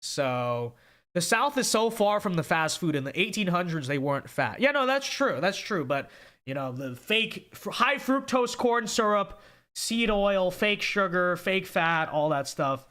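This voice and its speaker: Animated young man hosting a livestream. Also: sits high, unhurried. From California. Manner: emphatic, repeats points with "okay?". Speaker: livestream host reading viewer chat. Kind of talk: casual livestream commentary.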